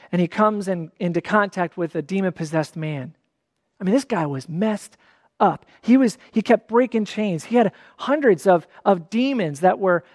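Pastor, conversational sermon delivery, emphatic repeats, mid-pitched, long reverb tail. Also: studio quality.

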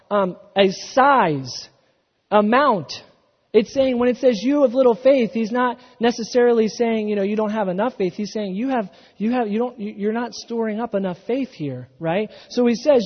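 A man with an extremely high, slightly rough voice preaches a sermon from his notes, restarting phrases and building emphasis as he goes. His unscripted delivery rises in intensity, and he's recorded in a church hall that sounds dull and echoey.

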